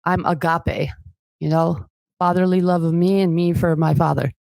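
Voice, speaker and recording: A woman guest on a podcast, talking in a loose, blunt and profane way, slipping into little acted-out voices of other people. Her voice sits on the low side, and the sound is close and dry with no room around it. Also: fairly even intonation, moderate pace, creaky, darkish tone, no echo. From Albanian family background. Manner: blunt, profane, acts out quotes. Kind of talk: casual podcast chat.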